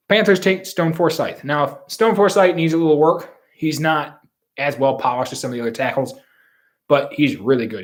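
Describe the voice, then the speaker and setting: A man giving solo football draft commentary in an opinionated, rambling and emphatic way. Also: mid-range voice. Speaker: sports commentator.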